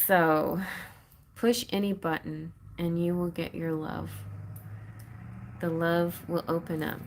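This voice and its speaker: A woman's voice: fairly low pitch, fairly even intonation, takes it slowly, a little hiss or hum. A woman giving a live-stream tarot reading in a chatty, encouraging way, laughing often. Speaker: tarot reader.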